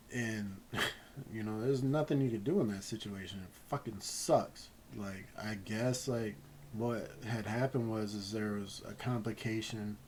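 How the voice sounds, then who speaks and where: A man telling a personal story in a casual, rambling way, halting often and swearing freely. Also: lowish voice, darkish tone, a little hiss or hum, rough recording. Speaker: gaming channel host.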